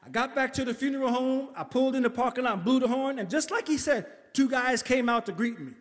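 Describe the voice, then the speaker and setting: A man from the Bronx telling a story on stage, animated and acting out his quotes with swearing and laughter. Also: very high-pitched, fairly quick. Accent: New York. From the Bronx, New York. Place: stage in a large theater. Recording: long reverb of a live hall.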